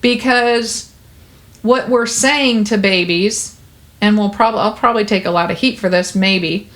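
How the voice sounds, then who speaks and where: Speaking a little slowly in a mid-range, fairly bright voice, a woman hosts a casual podcast. She explains child development in a chatty, earnest, reassuring manner, filled with "like" and "you know."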